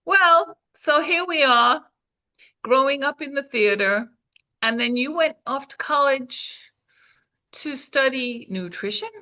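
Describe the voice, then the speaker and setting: A woman's voice: sits high, expressive, slow pace, bright, forceful tone. A middle-aged woman from England, hosting a casual interview and steering the conversation along. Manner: steering, leads the talk in order. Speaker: interviewer, host.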